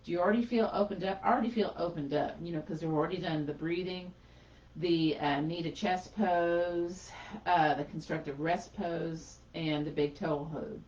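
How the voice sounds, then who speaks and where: A woman instructor guiding a gentle yoga class, chatty and encouraging, a little breathless as she does the poses alongside. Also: lowish voice, steady tone, moderate pace. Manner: encouraging, chatty, talks while doing poses. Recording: echoey room, far from mic, dull lo-fi.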